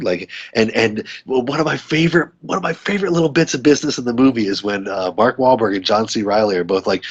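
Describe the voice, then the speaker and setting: A male podcast host in a casual, profane, excitable film review chat who acts out movie lines. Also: on the low side, fast, slightly rough, dull audio.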